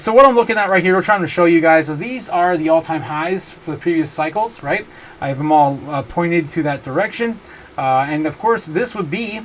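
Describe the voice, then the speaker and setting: Giggly, higher-voiced man hosting a stream. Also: slight background noise. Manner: giggly, often breaks into helpless laughter; rambling, many fillers and restarts. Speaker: livestream host. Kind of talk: casual livestream chat, reading viewer comments.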